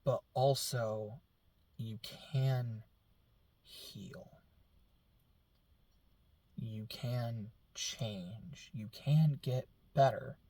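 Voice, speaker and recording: A man's voice: mid-range voice, extremely slow, long pauses, mellow, breathy edge, no echo. Rambling, emotional man reviewing a film. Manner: rambling, emotional, many "like" fillers. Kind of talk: casual film reaction talk.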